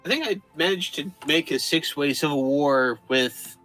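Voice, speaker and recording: Bright-voiced man, wry gamer. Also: fairly high pitch, moderate pace, soft background music, poor audio. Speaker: player. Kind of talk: casual multiplayer game chat.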